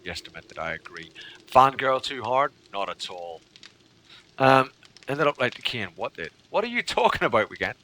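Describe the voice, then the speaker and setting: A man's voice: medium pitch, pushed and bright, slight background noise. A man streaming a game live, reading chat aloud, thanking followers and joking with viewers.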